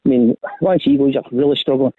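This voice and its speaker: A man's voice: medium pitch, brisk. A Scottish man giving brief, plain-spoken football opinions over a phone line. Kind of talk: sports discussion.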